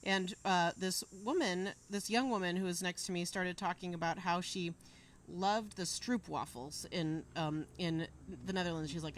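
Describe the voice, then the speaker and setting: A woman's voice: fairly low pitch, normal speed, slight background noise. A woman co-hosting a live outdoor show from a theater patio, telling rambling stories with lots of fillers. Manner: rambling anecdotes with many fillers. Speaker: co-host. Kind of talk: casual chat.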